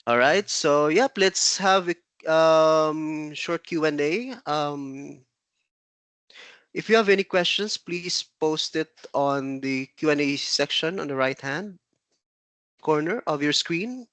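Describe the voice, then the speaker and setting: A man's voice: a little high, slow pace, a bit bright, smooth, dry recording. A man from the Philippines hosting a webinar, speaking hesitantly with many fillers over a video call. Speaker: webinar host. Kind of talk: live webinar moderation.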